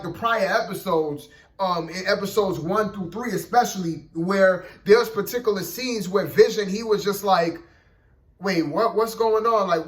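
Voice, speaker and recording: A man talks through a TV episode in a loose, rambling review, full of "like" and "you know" and self-restarts. His voice sits fairly high for a man, and the room around him rings with noticeable echo. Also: a bit bright. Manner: rambling, filler-heavy, keeps saying "you know what I mean". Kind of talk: casual spoken review.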